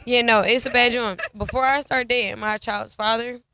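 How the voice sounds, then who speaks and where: A woman on a studio podcast, speaking bluntly in slang and joking. Her voice is bright and slightly high, recorded close and dry. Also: steady tone, moderate pace, smooth, dry recording. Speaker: podcast guest. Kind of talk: casual chat.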